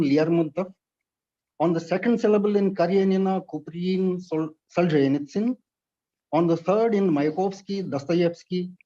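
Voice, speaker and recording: A man from India lecturing on pronunciation in a measured, precise, explanatory way, heard on a dull lo-fi recording. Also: high-pitched, mellow. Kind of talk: read-aloud lecture.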